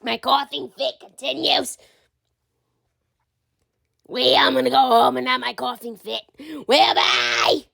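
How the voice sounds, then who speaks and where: A woman's voice: sits high, little pitch movement, sharp tone, full character voice. A woman voicing a stubborn older chain-smoking woman who grumbles, coughs and gets touchy in a comedy skit. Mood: defensive. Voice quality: gravelly, coughing smoker's voice. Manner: slow, grumbling and defensive.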